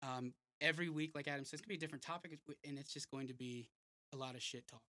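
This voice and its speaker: A man's voice: medium pitch, steady tone, very fast, pushed and bright, dry recording. A man in his thirties hosting a casual podcast, joking, laughing and swearing freely. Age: 30s. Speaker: podcast host.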